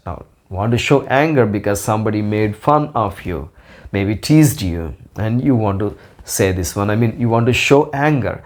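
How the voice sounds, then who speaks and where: A man teaching an English lesson. He speaks carefully, repeats each example sentence slowly for learners, and makes small grammar slips. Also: fairly low pitch, expressive. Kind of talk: slow explanatory lesson.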